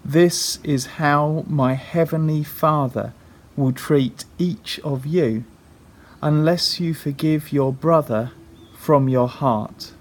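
A solemn teacher gives a grave warning in slow, measured words, as a man voices him within a sermon. The voice is fairly high for a man and a little quieter than the surrounding narration. The delivery stays calm and weighty.

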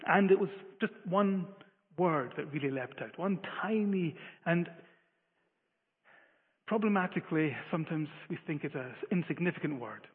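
A man delivers a sermon in an earnest, emphatic way, often restarting his phrases. His voice sits high and sounds slightly husky. The sound is thin like a phone line, with a long hall reverb behind it. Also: animated, normal speed. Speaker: preacher.

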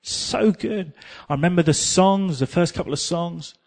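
An Englishman with a high, creaky voice preaches a sermon at normal speed, telling a personal story. He's a lively storyteller who pokes fun at himself and breaks into snatches of song.

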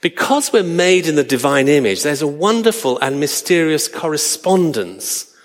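A man's voice: a little high, sing-song, normal speed. Man preaching in a reverberant hall. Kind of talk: sermon.

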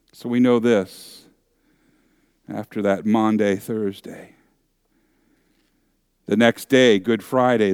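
A man's voice: mid-range voice, a little mellow, clear, resonant tone, dry recording, studio quality. A male pastor preaching a sermon, acting out the voices of objectors and accusers with dramatic shifts.

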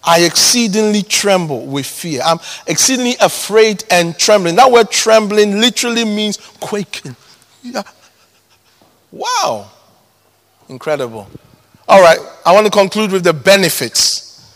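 A man preaching a sermon, emphatic, repeating key words and swinging between loud and hushed. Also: high voice, expressive, measured pace. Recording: long hall reverb.

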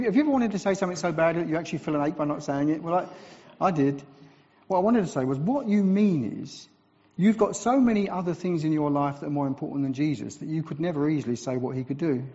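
A man from England, a visiting preacher, giving a sermon with animated storytelling and self-deprecating asides. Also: on the high side, quick pace. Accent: English. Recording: dull recording with long church reverb.

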